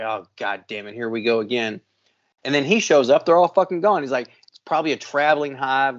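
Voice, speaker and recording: A man co-hosting a podcast, telling a long story in a casual, profane, animated way. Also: medium pitch, dull audio. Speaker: podcast co-host.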